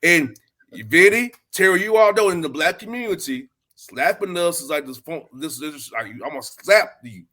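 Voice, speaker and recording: A man speaks in a fairly high, bright voice. As a guest on a casual podcast chat, he talks bluntly and emphatically and uses plenty of streetwise slang. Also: expressive, normal speed. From Atlanta, Georgia, US.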